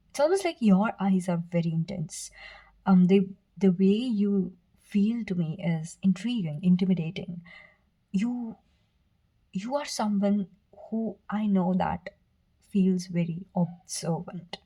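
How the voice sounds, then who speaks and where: A woman giving a pick-a-card tarot reading, speaking softly and earnestly to the viewer, with fillers, restarts and brief whispers. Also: mid-range voice, poor audio. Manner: soft, earnest, direct address with fillers and self-corrections. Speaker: tarot reader.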